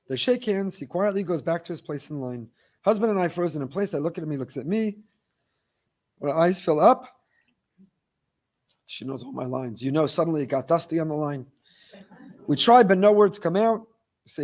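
A man teaching a Torah class, reading listener emails aloud in an animated storytelling way with wry asides. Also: fairly high pitch, normal speed.

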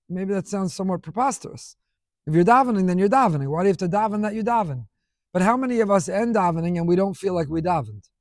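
A man's voice: high-pitched, darkish tone, no echo, studio quality. A man teaching a Torah lesson as a rabbi, speaking emphatically and stacking up repeated phrases. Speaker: rabbi teaching a weekly class.

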